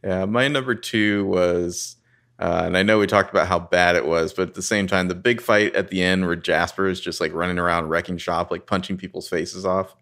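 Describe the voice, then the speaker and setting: A man's voice: low voice, fairly even intonation, moderate pace, fairly bright tone. A man co-hosting a podcast, chatting casually about a movie and laughing often as he rambles. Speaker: podcast co-host. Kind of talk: casual movie review chat.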